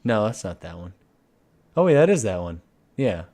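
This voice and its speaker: A man co-hosting a podcast in casual chat, with a relaxed, wandering way of talking that trails off into quiet asides. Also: fairly low pitch, moderate pace, creaky. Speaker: podcast co-host.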